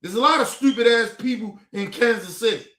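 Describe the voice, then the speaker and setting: A man ranting profanely and with exasperation in casual political commentary, now and then breaking into shouts. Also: very high-pitched, a little fast, echoey room.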